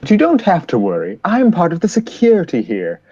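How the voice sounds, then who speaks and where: A man's voice: on the high side, huge pitch swings, a little fast, dark tone, slightly rough, no echo, dull audio, pitched above the performer's own voice, heavily acted. A man voicing a fidgety, overfamiliar male security agent in a tabletop game. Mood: smarmy. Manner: smarmy, overfamiliar.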